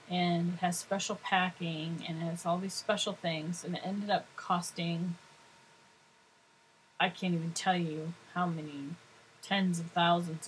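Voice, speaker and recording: Middle-aged woman just rambling on about life, chatty, kinda low voice, laughs a lot. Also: a little hiss or hum, poor audio. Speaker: vlogger. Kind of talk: casual rambling chat.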